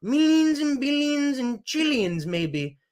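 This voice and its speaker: A man's voice: very high voice, big pitch swings, takes it slowly, darkish tone, pitched above the performer's own voice, exaggerated voice. A man doing a comedic impression of a rambling, boastful elderly male politician who repeats himself and praises or insults people in superlatives. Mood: mocking. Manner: repetitive, superlative-heavy, rambling.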